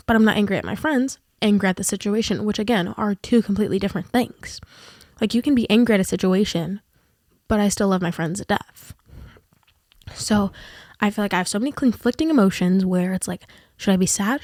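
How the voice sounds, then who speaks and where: A woman's voice: medium pitch, a little mellow, no room sound, clean studio sound. A young adult woman talking candidly in a confessional vlog, rambling with many fillers. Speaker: vlogger.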